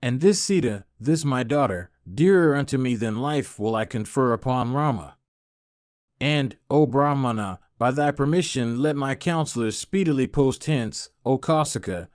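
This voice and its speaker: A man's voice: medium pitch, a little mellow, no room sound, studio quality, lightly acted. A man voicing a courtly, grateful king in formal, archaic speech within an audiobook.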